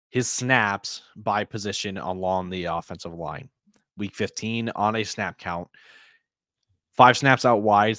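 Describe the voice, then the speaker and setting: A man's voice: fairly low pitch, a bit bright, no echo, studio quality. A man co-hosting a podcast, laid-back but stat-heavy as he makes his fantasy football case. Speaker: podcast co-host. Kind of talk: casual fantasy football chat.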